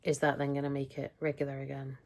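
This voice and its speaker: A woman's voice: extremely low pitch, completely flat delivery, fast, darkish tone. A middle-aged British woman talking through a casual weekly health update vlog, rambling and chatty, often interrupting herself. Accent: British English. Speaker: vlogger.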